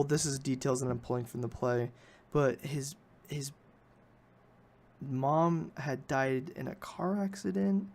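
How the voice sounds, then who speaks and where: A man's voice: medium pitch, darkish tone. A man hosting a podcast, recapping a film in a rambling, casual way and often correcting himself. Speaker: podcast host.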